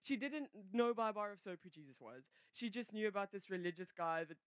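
A woman's voice: medium pitch, animated, fairly quick, no echo. A woman giving a personal testimony to a congregation, rambling and breaking off her sentences with many fillers. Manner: rambling, self-interrupting storyteller, many fillers. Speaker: church member giving a testimony.

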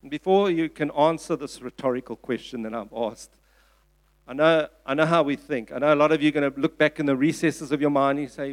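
A man's voice: fairly high pitch, steady tone, a little fast. A man with a South African accent preaching a sermon in an earnest, emphatic way, often repeating his phrases. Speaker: pastor. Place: church.

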